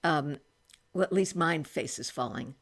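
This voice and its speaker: A woman's voice: deep voice, a little slow, fairly bright tone. A woman in her eighties chatting casually while trying on makeup in a small room at home, thinking aloud and restarting her sentences. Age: 80s. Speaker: beauty vlogger. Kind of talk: casual makeup try-on vlog.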